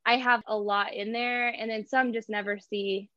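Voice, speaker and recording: Young woman guest, chatty, quick laughs, fairly high voice, slightly muffled dry recording. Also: little pitch movement, sharp tone, dry recording. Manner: chatty, laughs often, many "like" and "you know" fillers. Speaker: guest, artist and small business owner. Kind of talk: casual interview chat.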